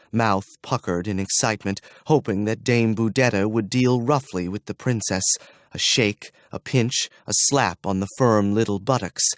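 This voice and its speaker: This studio-quality recording, free of room sound, has a male narrator with a fairly low pitch reading a scripted fantasy audiobook. He tells the story in a measured manner.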